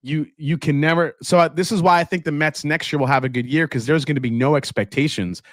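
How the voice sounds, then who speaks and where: Chatty livestream host with a dry sound. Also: male voice, fairly high pitch, fairly even intonation, quick pace, no echo. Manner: chatty, reads viewer comments aloud, laughs often. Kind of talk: casual live stream chat.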